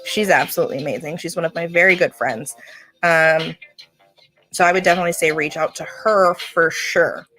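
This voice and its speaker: Lady doing a casual live reading, lots of ums and laughing, kinda low voice, soft music in the back. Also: moderate pace. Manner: chatty, laughs often, many fillers and restarts. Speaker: psychic reader on a livestream. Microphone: livestream setup.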